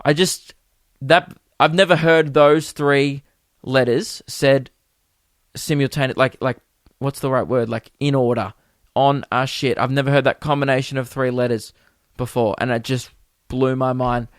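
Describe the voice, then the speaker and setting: A young man hosting a podcast, telling a comic story with animated, exasperated delivery and putting on voices for the people he quotes. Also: mid-range voice, a little slow, no room sound. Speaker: podcast host. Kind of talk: comedic storytelling monologue.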